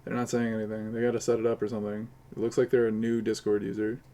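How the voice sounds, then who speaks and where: A man's voice: on the low side, completely flat delivery, quick pace, dark tone. A man live-streaming while gaming, chattering in a rambling, crude, joking way to his viewers.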